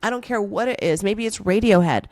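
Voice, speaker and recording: A woman's voice: mid-range voice, brisk, a little mellow, no room sound. Playful, hyped woman coaching on a podcast. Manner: playful, hyped coaching, calls listener baby. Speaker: manifestation coach and podcast host. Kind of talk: motivational podcast monologue.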